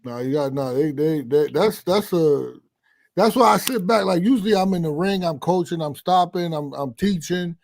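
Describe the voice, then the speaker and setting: A man's voice: fairly high pitch, moderate pace, slight background noise. A man who coaches boxing, talking casually and walking through how fights get scored. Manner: animated, explains fight scoring with demonstrations. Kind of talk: casual livestream chat.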